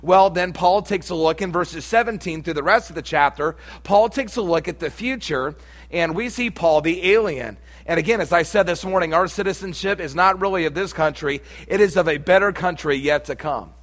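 A man's voice: on the high side, moderate pace, fairly bright tone. A middle-aged man preaching a sermon, telling a humorous personal story with folksy asides before turning to scripture. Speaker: pastor.

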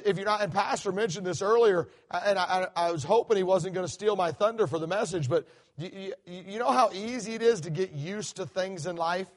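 Middle-aged male guest preacher, high-pitched, animated, repeats himself mid-sentence. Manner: animated, acts out quoted voices, many restarts. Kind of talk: sermon. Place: church sanctuary.

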